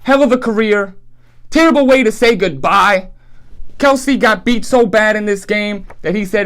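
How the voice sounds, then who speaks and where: A man rants through a football betting recap as host, heated and animated. He fires rhetorical questions at teams and fans, keeping the tone comedic and scripted. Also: sits high, normal speed. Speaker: sports betting show host.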